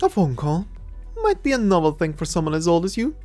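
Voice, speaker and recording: Voicing a cocky young adventurer-thief for a fan-made audio drama, a woman speaks briskly in a warm, lowish voice with big pitch swings. Her mood is teasing, her manner playful and mocking, and she laughs a lot while faint music plays underneath.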